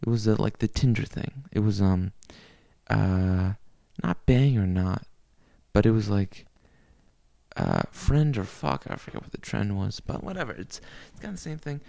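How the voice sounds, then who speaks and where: A man ranting solo into his laptop in a crude, rambling way. He swears constantly, and his voice is strongly gravelly with plenty of vocal fry. His pitch jumps around a lot, and the recording sounds close and dry. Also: very animated, moderate pace, warm tone, dry recording. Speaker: podcaster. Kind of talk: profane solo rant. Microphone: laptop mic.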